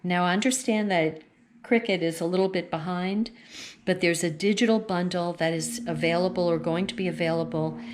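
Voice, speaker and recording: A woman's voice: lowish voice, brisk, a little hiss or hum. A woman casually walking viewers through a craft catalog at home, chatty and gushing as she thinks aloud while turning the pages. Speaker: consultant showing a craft catalog. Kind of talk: casual catalog walkthrough vlog. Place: at home with her dogs.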